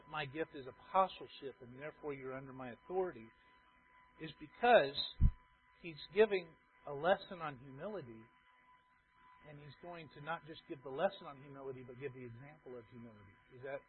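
A pastor preaching a sermon to his congregation, who drops to quiet asides, then builds to loud emphatic repetitions and asks the room questions. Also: fairly high pitch, animated, a little fast, slight background noise. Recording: tinny phone-like sound.

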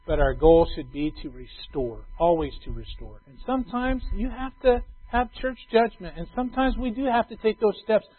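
A middle-aged male pastor giving a conversational sermon, swinging between loud emphatic lines and soft quiet asides. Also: very high-pitched, wildly swooping pitch, normal speed, hardly any pauses, breathy edge. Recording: tinny phone-like sound.

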